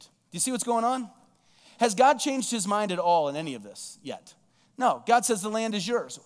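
High-voiced man preaching a sermon. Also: expressive, fairly quick, big-room sound. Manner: preaching with rhetorical questions, quoting scripture. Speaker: pastor.

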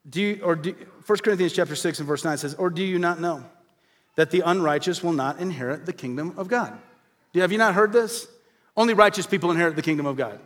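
This preacher's voice sits high as he gives an earnest, direct sermon. He leans on rhetorical questions, and when he reaches key phrases he slows and stresses them quietly.

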